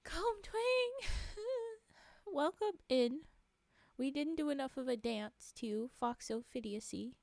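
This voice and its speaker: This woman's voice is high, gravelly and darkish, and she talks a little slowly; the recording is dry. Streaming live from her home desk microphone, she chats casually and rambles, often giggling at her own expense.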